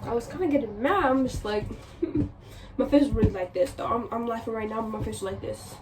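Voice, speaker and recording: A woman vlogger telling a casual storytime in an animated, exasperated way, repeating herself for emphasis. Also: fairly high pitch, fairly quick. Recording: distant mic with noisy background.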